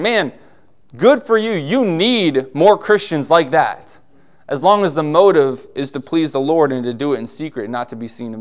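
This sermon comes from a man whose pitch runs fairly high. He preaches casually, as if chatting, tossing in rhetorical questions and brief side remarks.

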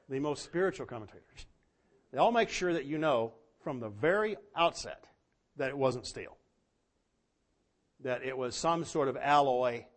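A man teaching a Bible study, talking casually with many fillers and reading scripture aloud slowly and with weight. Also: mid-range voice. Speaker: pastor.

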